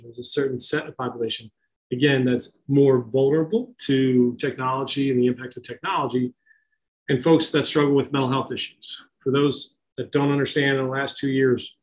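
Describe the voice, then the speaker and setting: Middle-aged guy presenting to parents, casual, restarts a lot, medium pitch. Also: low-quality recording. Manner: conversational, many fillers and restarts. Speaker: speaker at a parent talk on kids and technology.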